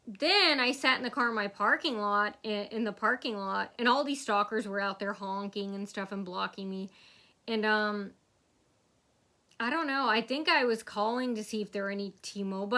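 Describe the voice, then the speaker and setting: A young woman telling a long rambling story to camera, acting out other people's lines. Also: mid-range voice. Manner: rambling, acts out quotes in a loud shouting voice. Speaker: vlogger. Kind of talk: casual storytelling monologue.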